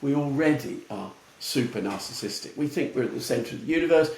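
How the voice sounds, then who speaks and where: A man from the United Kingdom, a retail futurist, talking in a casual podcast conversation, animated and breaking into quick impressions of other people. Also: mid-range voice, creaky, echoey room. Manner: animated, mimics voices in quick asides.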